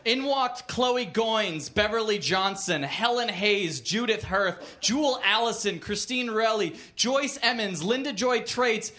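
A man's voice: high voice, lively intonation, measured pace, hardly any pauses, bright, forceful tone. A man reading a crude comic story aloud on a comedy club stage, with mock-literary narration. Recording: noisy live club recording.

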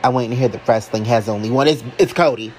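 A man reacting live as a fan, excitable and emotional, talking casually and sassily to his viewers. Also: mid-range voice, quick pace, slight background noise, low-quality recording. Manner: casual and sassy, calls listeners y'all and honey. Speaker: wrestling fan vlogger.

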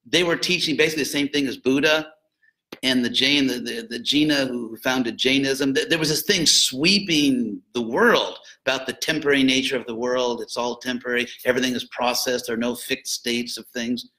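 A man's voice: mid-range voice, normal speed, pushed and bright, low-quality recording. A man giving an informal lecture on philosophy and religion, digressive and jokey, with frequent asides.

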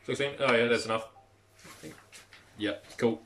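A man's voice: medium pitch, steady tone, unhurried, pushed and bright. A man narrating a tabletop game as game master in a loose, chatty way with many fillers.

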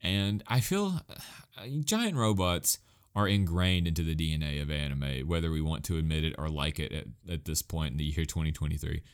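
A man's voice: extremely low pitch, moderate pace, clean tone. A man hosting a casual talk show, rambling and self-mocking, laughing often as he talks. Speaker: podcast host recommending anime.

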